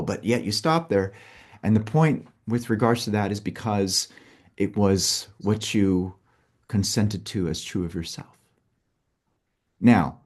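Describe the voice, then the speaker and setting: A man's voice: medium pitch, expressive, normal speed, darkish tone. A man leading a workshop, guiding a participant through a group exercise with step-by-step instructions and frequent checks of "okay". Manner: instructive, peppers talk with "okay". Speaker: workshop facilitator.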